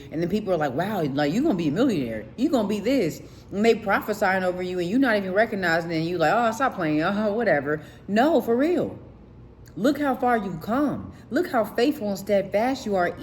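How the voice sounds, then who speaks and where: A woman's voice: sits low, slight background noise. A woman life coach giving faith-based motivational talk at home, emphatic and preacher-like, repeating declarations and asking the listener questions. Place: at home at a candle-lit dinner table.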